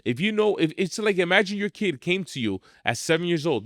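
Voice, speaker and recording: A man's voice: sits high, big pitch swings, a little fast, fairly bright tone, no room sound, studio quality. A middle-aged man, a martial arts school owner telling blunt, emphatic stories in a podcast interview.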